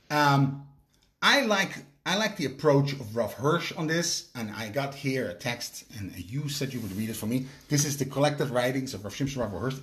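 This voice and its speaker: A man co-hosting a podcast, explaining in casual talk with frequent fillers and restarts. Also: mid-range voice. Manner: hesitant, many fillers and restarts. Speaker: podcast co-host.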